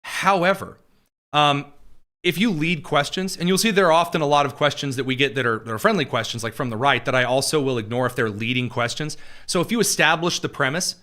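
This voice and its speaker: Speaking a little fast in a brightish, forceful, somewhat high voice, a political commentary host answers viewer questions on a casual livestream. He's blunt and opinionated, digressing often and restarting his sentences.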